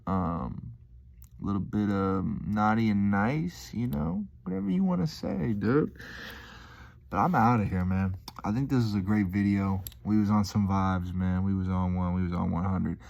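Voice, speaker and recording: A man's voice: deep voice, measured pace, darkish tone, dull audio. A young man rambling casually to his viewers, slangy and meandering, with lots of fillers. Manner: laid-back, slangy, meandering with many fillers. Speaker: vlogger.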